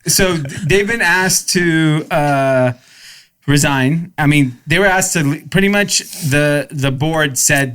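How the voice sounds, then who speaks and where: A man's voice: fairly high pitch, slow, fairly bright tone, clean tone. A man co-hosting a podcast, giving chatty, wry commentary in casual talk. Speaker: podcast co-host.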